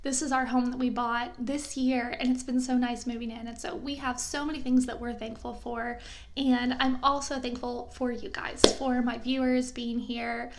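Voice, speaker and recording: A woman's voice: on the high side, level tone, normal speed, noisy background. A young woman vlogger speaking heartfelt and reassuring words straight to her viewers, getting emotional at times. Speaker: lifestyle vlogger. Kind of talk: heartfelt talk to camera.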